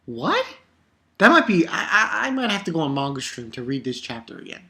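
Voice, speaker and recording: A man reviewing a comic chapter in a casual vlog, talking in an excitable, rambling way and swearing often. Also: fairly high pitch, normal speed, vocal fry, long pauses.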